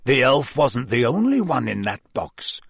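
A man voicing a grim, brooding adult wizard in a storybook reading, speaking low, slow and bitter. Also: big pitch swings, gravelly, slightly rough, no echo, studio quality, full character voice.

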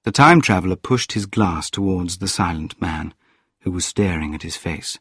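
A man reading a story aloud in a calm, measured narration. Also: low-pitched, slightly rough, dry recording, clean studio sound. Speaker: audiobook narrator. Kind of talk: scripted narration.

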